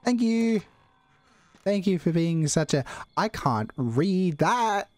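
Excitable let's-play commentator. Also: mid-range voice, slow, no room sound. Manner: excitable, jokey, reacts out loud. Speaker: gaming channel host. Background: game music.

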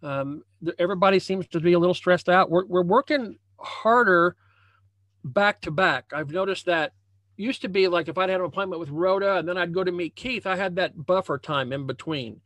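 A leadership coach gives a motivational talk over a video call from a home room with a banner hung behind him. He speaks conversationally at a moderate pace, often repeating phrases and restarting, in a high, fairly bright voice on a dry recording.

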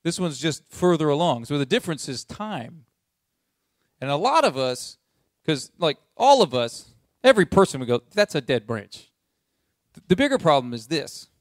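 A man's voice: a little high, very animated, normal speed, no room sound, clean studio sound. A man preaching a conversational sermon, reading scripture aloud and repeating key lines for emphasis.

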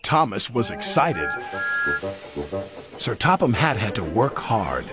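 A man narrating a children's story with a lively, expressive reading. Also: on the low side, slow, loud music behind the voice.

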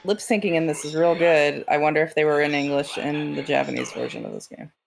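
A woman on a game stream, relaxed and patiently explaining things. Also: deep voice, fast, creaky, a little hiss or hum, poor audio. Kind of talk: casual chat while playing. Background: game music.

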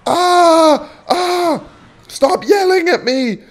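Dude doing a squeaky panicky kid voice, whining and defensive. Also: male voice, very slow, heavily acted. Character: panicky young man whining at his mother.

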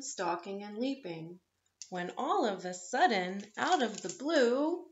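Lady doing online story time, slow and kinda high, playful, echoey room, a bit muffled. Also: a little hiss or hum. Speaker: librarian reading for story time. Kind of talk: reading a picture book aloud to children. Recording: echoey, slightly dull room.

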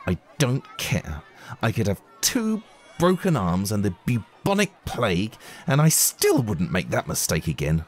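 A man's voice: on the low side, huge pitch swings, a little slow. A man voicing a grumpy, stubborn schoolgirl who snaps back in a storybook reading. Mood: defiant. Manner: snappy, defiant.

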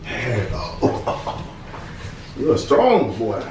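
A man's voice: mid-range voice, huge pitch swings, drawn-out words, background noise. Playful young man praising his puppy. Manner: playful, coaxing, sing-song praise to a dog. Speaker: vlogger and dog owner. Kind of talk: casual vlog, talking to his puppy.

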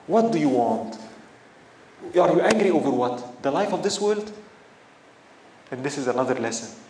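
A man delivering a religious lecture with a fairly high voice, animated and full of rhetorical questions. The sound carries a clear echo from the room, with faint ambient noise underneath. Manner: animated, asks the audience frequent rhetorical questions. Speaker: Islamic teacher.

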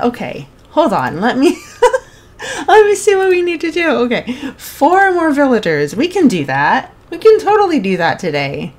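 A woman hosting a let's-play of a cozy farm game, chatting casually, bubbly, giggly and easily excited. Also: fairly high pitch, a little slow. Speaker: gaming channel host.

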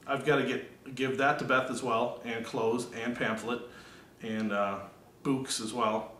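A man's voice: mid-range voice, normal speed, a bit bright, roomy sound, slight background noise. A man vlogging a casual monologue, asking dry rhetorical questions.

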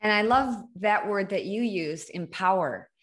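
Woman host, middle pitch, engaged and affirming, chatty interview. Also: expressive, a little slow, a bit bright. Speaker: podcast host. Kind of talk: conversational interview.

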